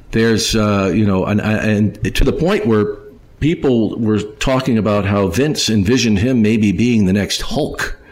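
A man hosts a podcast in relaxed chat, speaking in a fairly low voice. He rambles, pauses and restarts as he speaks straight to his listeners. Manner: rambling, full of fillers and restarts, addresses listeners as folks. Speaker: podcast host.

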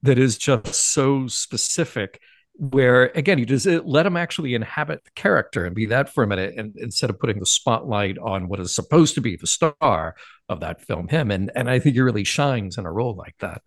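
A man joining a podcast chat who tells thoughtful anecdotes, often pausing and restarting his sentences. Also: mid-range voice, animated, no room sound, clean studio sound. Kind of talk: casual chat.

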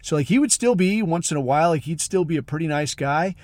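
A man's voice: fairly high pitch, expressive, fast, darkish tone, no room sound. A man hosting a podcast, telling a long rambling story in blunt, profane, casual talk full of fillers. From military special operations community. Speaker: podcast host.

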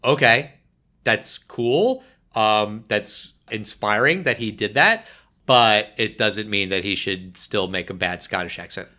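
A man chatting on a podcast in a bright, forward voice. He talks in an animated, wry way, full of casual fillers. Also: on the low side, slow. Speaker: podcast co-host.

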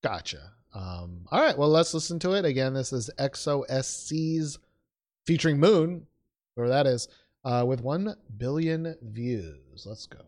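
A man's voice: medium pitch, lively intonation, a little slow, darkish tone. Joking, laid-back man on a podcast. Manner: joking, self-deprecating, lots of fillers and laughs. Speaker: podcast co-host. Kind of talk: casual podcast chat.

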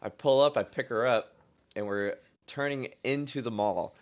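A young man telling a story in casual chat, laid-back, heavy on filler words and swearing, getting animated as he retells it. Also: medium pitch, normal speed.

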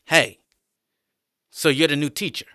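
A man's voice: fairly high pitch, fairly even intonation, a little slow, sharp tone, no room sound, clean studio sound, voice pushed up. A man voicing a smug, prying middle-aged male teacher who brags and pokes at people.

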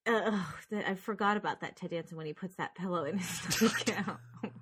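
Animated woman podcaster who laughs a lot. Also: fairly low pitch, quick pace, slightly rough. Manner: animated, laughs often, plays up plot twists. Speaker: podcast co-host. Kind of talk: casual movie podcast chat.

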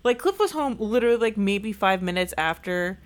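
A woman's voice: medium pitch, lively intonation, a little fast. A woman co-hosting a podcast, telling a story in a loose, chatty way. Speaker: podcast co-host. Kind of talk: casual chat.

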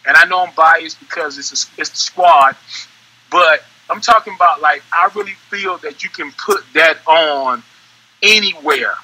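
A young adult man co-hosting a podcast in casual chat, animated and rambling, repeating words as he talks. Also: on the high side, a little slow, low-quality recording. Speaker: podcast co-host.

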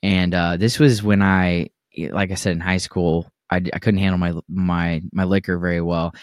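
Profane storytelling man, low dry voice. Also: flat delivery, moderate pace, smooth, no echo. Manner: profane, storytelling, laughs often. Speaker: podcast co-host. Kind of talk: casual podcast chat.

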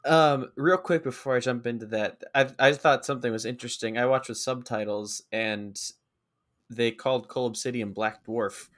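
A man chats casually as a podcast cohost, speaking at an ordinary pitch. He hesitates and circles around his points with plenty of fillers. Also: fairly even intonation, normal speed, fairly bright tone. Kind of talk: casual chat.

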